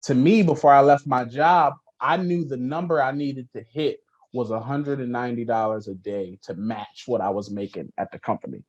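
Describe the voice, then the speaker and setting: A man hosting a podcast, chatting loosely and colloquially, acting out quick bits of dialogue in his stories. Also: medium pitch. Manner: loose, colloquial, acts out little voices in his anecdotes. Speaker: podcast host. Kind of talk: casual interview chat. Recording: dull lo-fi audio.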